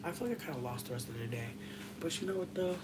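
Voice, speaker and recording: A streamer talks straight to their chat from home late at night, playful and theatrical, with plenty of swearing. The voice sits at a middle pitch and keeps slipping into hushed whispers. A steady hiss and clicks run under the home mic. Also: fast. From Connecticut, USA. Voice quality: expressive, swears freely, slips into whispers. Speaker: livestreamer. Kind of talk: casual livestream chat.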